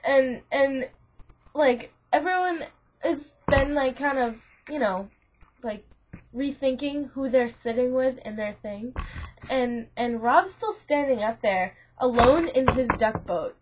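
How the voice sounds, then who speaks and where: Recorded on lo-fi webcam audio with slight background noise, a young student vlogger slowly describes a dream to a friend in her high-pitched voice. It's casual and rambling, with giggles, restarts, and plenty of "like."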